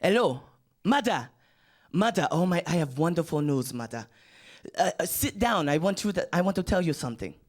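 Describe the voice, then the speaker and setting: A man's voice: fairly high pitch, lively intonation, normal speed. A man voicing an overjoyed young man phoning his mother, speaking in a stiff, overly polite and formal way. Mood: excited, formal.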